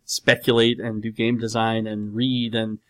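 A man's voice: fairly low pitch, level tone, unhurried. Rambling man with dry sarcasm. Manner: rambling, full of "like" and "you know". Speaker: podcast host reading listener questions. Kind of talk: casual chat.

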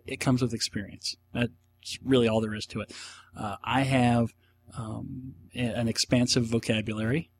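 A man's voice: medium pitch, husky. A middle-aged man hosting a casual solo podcast, answering listener questions in a rambling, enthusiastic way with rhetorical asides.

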